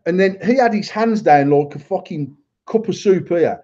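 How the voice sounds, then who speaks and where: English bloke telling a sweary story on a podcast, high voice, muffled lo-fi sound. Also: male voice, moderate pace. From England. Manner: crude, swearing constantly, lively anecdote telling. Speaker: podcast host. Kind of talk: casual storytelling chat. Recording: dull lo-fi recording.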